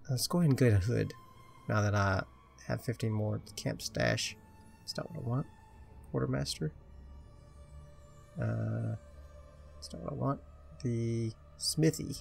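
Gravelly low guy mumbling through a game playthrough, slow and easy, faint game music under it. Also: a little mellow. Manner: chatty, muttering to himself, self-mocking. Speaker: gameplay commentator. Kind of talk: casual let's-play commentary.

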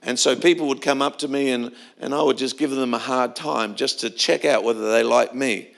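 A man's voice: medium pitch, steady tone, normal speed, creaky, a bit bright. A middle-aged man preaching a sermon in a church, telling stories in a conversational way with frequent restarts. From Australia. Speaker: pastor.

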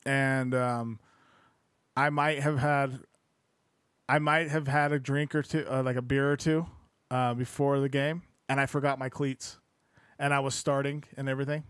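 A man's voice: medium pitch, little pitch movement, normal speed, fairly bright tone, smooth, no room sound, studio quality. A young man hosting a podcast, reading a book aloud casually and breaking off into profane, joking asides. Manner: swears freely, loose and joking.

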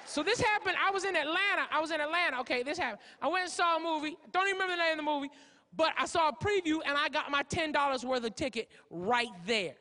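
High-voiced male comedian, loud and profane. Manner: loud, profane, storytelling with shouts. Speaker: stand-up comedian. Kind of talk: stand-up comedy set. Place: comedy club stage. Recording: live club with audience noise.

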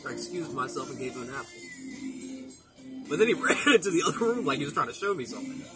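Guy rambling crude jokes on his vlog, kinda high voice, music playing behind. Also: lively intonation, fast. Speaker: vlogger. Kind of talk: casual vlog chat.

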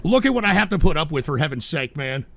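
Sick, shouting, gravelly-voiced male host. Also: a little high, big pitch swings, fast. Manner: exasperated, shouts at trolls, swears. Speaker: livestream talk show host. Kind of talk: casual livestream rant.

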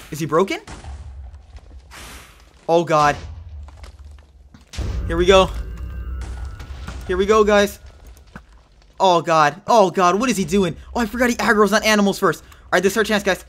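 A man hosting a video game let's play, chatting to viewers and breaking into panicky yelling when things go wrong, speaking into a headset mic. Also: high voice, moderate pace, pauses often. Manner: excitable, panicky yelling under pressure. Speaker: gaming channel host.

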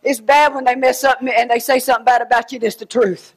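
Woman preacher, high voice, fervent sermon with shouts and soft asides. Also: steady tone, brisk, husky. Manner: fervent, swinging between shouted exhortation and quiet asides.

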